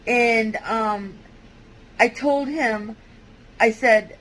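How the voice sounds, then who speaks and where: A woman vlogger giving a halting, hesitant personal testimony, with many fillers and restarts. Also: on the high side, a bit bright, poor audio.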